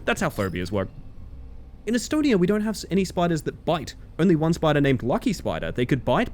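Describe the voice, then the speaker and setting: Lively, rambling male streamer. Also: a little high, brisk. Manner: chatty, rambling, animated. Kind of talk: casual chat while gaming.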